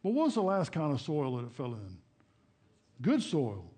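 Older guy preaching in church, chatty and folksy, voice a bit high. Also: huge pitch swings, normal speed, mellow, slightly rough. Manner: folksy, conversational preaching with shifting volume and pace. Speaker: pastor. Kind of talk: sermon.

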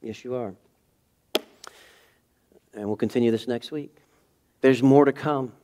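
A middle-aged male pastor delivering a sermon in a church, telling a personal story with lively, animated delivery and sudden swings between loud and soft. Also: medium pitch, a little slow, background noise. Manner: animated storytelling, acting out scenes with sudden shifts in loudness. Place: church sanctuary.

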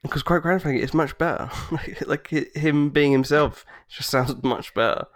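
A man's voice: on the high side, moderate pace, a bit bright. A man co-hosting a podcast, chatting enthusiastically and rambling through his points with frequent restarts. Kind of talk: casual chat.

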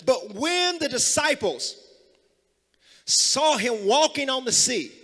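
A man pastor preaching a sermon, calling the congregation to repeat after him and building to loud, emphatic passages. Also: extremely high pitch, sing-song, takes it slowly, big-room sound. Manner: call-and-response preaching, rising to loud emphasis. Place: church sanctuary.

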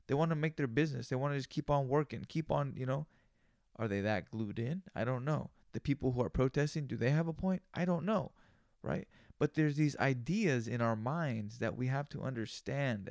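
Gravelly, profane man ranting high. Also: darkish tone, no room sound, studio quality. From United States. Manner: profane, loose, slangy ranting. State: high on cannabis. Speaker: solo podcast host. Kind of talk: casual rambling monologue.

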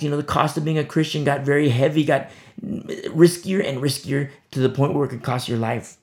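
A man preaching an expository sermon, passionate, repeating words for emphasis and swinging between loud declarations and hushed asides. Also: mid-range voice. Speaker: pastor.

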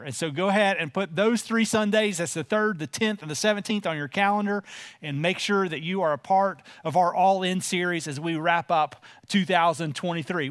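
A man in his forties delivers a sermon in a loose, folksy manner, peppering his talk with uhs. His voice sits high for a man. The sound is dry and close, with little room around it. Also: a bit bright, no room sound. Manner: conversational, folksy, with frequent filler uhs. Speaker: pastor. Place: church.

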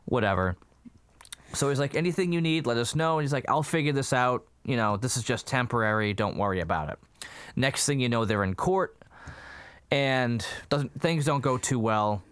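Male podcast co-host, lively storyteller, dry close sound. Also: moderate pace, smooth, dry recording. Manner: animated storyteller, acts out quotes with jumpy pitch. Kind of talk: casual chat recapping a movie.

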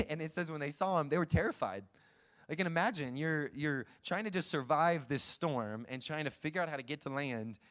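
A man preaching a sermon, retelling scenes in a lively, chuckling way. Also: a little high, normal speed. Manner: lively storytelling, acts out scenes, chuckles often.

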